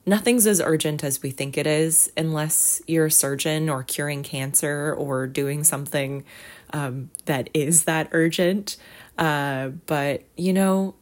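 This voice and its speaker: Woman with a low voice, rambly self-deprecating podcast chat, lots of ums. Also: unhurried. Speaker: podcast host. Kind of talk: casual solo podcast chat.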